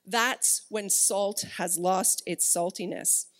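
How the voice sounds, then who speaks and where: A woman's voice: medium pitch, fairly even intonation, slow pace, fairly bright tone. A woman giving a sermon in a chatty way, with laughing asides to her congregation and the online chat. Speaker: pastor. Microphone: streamed service, speaking to online chat.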